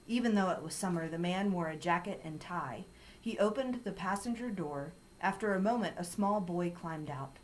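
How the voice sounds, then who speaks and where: A woman with a low voice reads a children's chapter book aloud in calm, steady storytelling. A faint hiss sits under the recording. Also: moderate pace, low-quality recording. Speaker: story reader.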